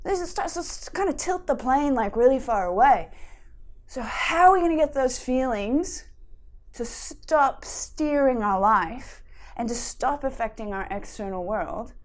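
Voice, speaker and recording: Give me a woman with a high voice giving a playful, lively wellness talk. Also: a little slow.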